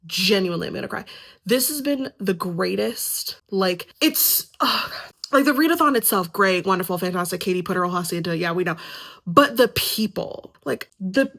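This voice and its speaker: Excitable, rambling young woman with vocal fry. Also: medium pitch. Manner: excitable, rambling, self-mocking. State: short on sleep. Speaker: book vlogger. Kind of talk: casual vlog chat.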